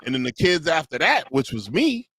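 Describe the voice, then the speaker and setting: A man co-hosting a reaction podcast, arguing his point through animated storytelling. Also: on the high side, moderate pace, husky, no room sound. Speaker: podcast co-host. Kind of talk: casual reaction commentary.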